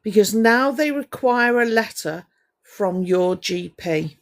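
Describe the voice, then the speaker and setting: On a livestream, a woman rants to her chat in a gravelly voice with vocal fry, mid-range and lively in intonation. She speaks slowly and deliberately, scolding someone and pausing to greet viewers by name.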